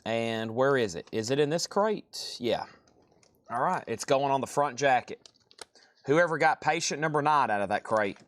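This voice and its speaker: A man hosting a live record sale stream, briskly rattling off prices and bidder names. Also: mid-range voice, lively intonation, a bit bright. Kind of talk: live sales stream, calling bids.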